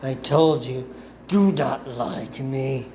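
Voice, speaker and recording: A man voicing a cold, taunting elderly male Sith master who speaks in a measured, commanding way in a fan audiobook reading. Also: mid-range voice, dark tone, a little hiss or hum, close to an everyday voice. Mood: mocking.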